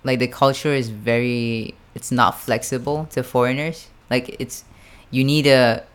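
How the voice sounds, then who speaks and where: A young man from Japan with a smooth, clear voice tells a long, meandering story to a friend. He leans hard on fillers and keeps checking in with his listener. He drops a curse word here and there. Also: mid-range voice, fairly even intonation, measured pace. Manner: rambling, filler-heavy, sprinkled with swearing. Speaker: storyteller in a casual chat. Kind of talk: casual chat.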